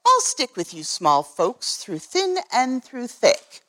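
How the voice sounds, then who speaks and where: Kind loyal elephant as a woman reads him, earnest rhymes, goes high, storybook. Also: wildly swooping pitch, slow, a bit bright, heavily acted. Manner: earnest, promising. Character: loyal kindly male elephant. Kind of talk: reading a picture book aloud.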